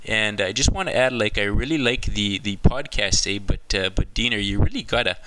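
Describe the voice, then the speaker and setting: Picture a goofy, beer-swilling Canadian hoser, put on by a man with a Canadian accent, drawling along and sprinkling "eh" everywhere. The voice is bright and pushed high, and it sounds dry and close. It plays as a laid-back comedy bit. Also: normal speed, dry recording. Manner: drawling, lots of "eh" and "like", chuckling.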